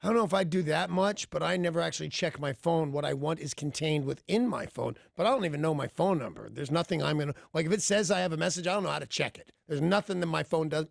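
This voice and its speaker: A man's voice: fairly high pitch, fast, vocal fry, few pauses, no echo. A man co-hosting a morning radio show, tossing out sardonic wisecracks in casual banter from a studio microphone. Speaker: radio co-host.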